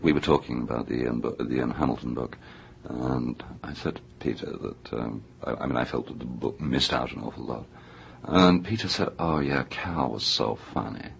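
An English author in middle age gives a radio interview, his voice very low and gravelly. He speaks in an erudite, winding way, often pausing to search for words. The recording is muffled, with a faint hiss behind it. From England. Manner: erudite, discursive, hesitant with many fillers. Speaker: author guest. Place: New York radio studio.

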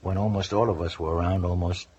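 An older man who once worked as a news correspondent tells lively stories as an interview guest, acting out the quotes as he goes. His voice is very husky, breathy and fairly low, and he talks quickly. The audio is dull and lo-fi, like an old radio broadcast.

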